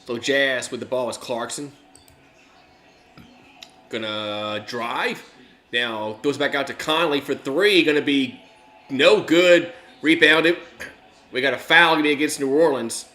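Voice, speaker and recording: A man's voice: medium pitch, measured pace, long pauses, bright, forceful tone. Chatty man calling a game in an echoey room. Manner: rambling, chatty, many fillers and restarts. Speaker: live stream play-by-play host. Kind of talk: casual play-by-play commentary.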